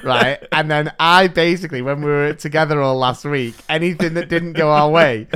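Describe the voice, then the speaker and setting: A man's voice: a little high, steady tone, fairly quick, fairly bright tone, slight background noise. A man, a podcast co-host telling funny stories in casual chat, laughing often.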